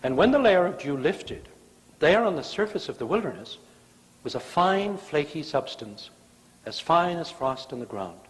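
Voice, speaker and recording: A guest preacher tells a sermon with animated, storytelling flair, slipping playfully into quoted voices. His voice sits a touch high and swings widely in pitch. A long church reverb hangs after each phrase. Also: moderate pace. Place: church sanctuary.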